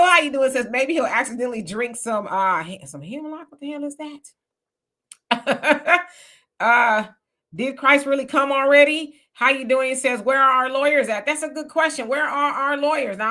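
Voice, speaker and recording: Woman co-host, bright and slightly high, reads chat comments, tells lively stories. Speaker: co-host reading live chat. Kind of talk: casual livestream chat.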